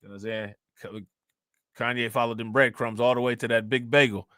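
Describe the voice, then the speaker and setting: A man hosting a casual live-stream reaction show, reading out chat shout-outs with frequent laughter and slangy asides. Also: mid-range voice, steady tone, brisk, smooth, no room sound, clean studio sound. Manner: laid-back, laughs often, reads chat shout-outs. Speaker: livestream reaction host.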